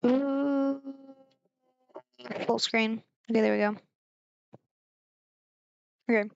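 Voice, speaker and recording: A woman's voice: fairly high pitch, fairly even intonation, drawn-out words, vocal fry, smooth, dull audio. A woman from Germany streaming a visual novel, reading the story aloud and chatting with viewers in asides.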